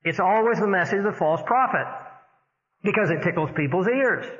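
Bright-voiced preacher in an echoing hall. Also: male voice, animated. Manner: rises in pitch and force for emphasis, slows on key words. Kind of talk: sermon. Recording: dull lo-fi radio broadcast in a reverberant hall.

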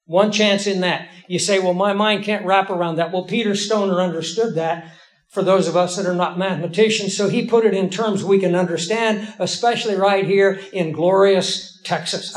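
Emphatic preacher with a high voice. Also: male voice. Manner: folksy, emphatic, slows down for key lines. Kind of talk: sermon.

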